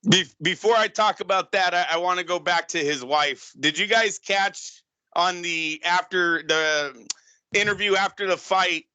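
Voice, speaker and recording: A man co-hosting a casual podcast, excitable and profane, often laughing. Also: high-pitched, a little slow, smooth, no room sound. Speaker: co-host.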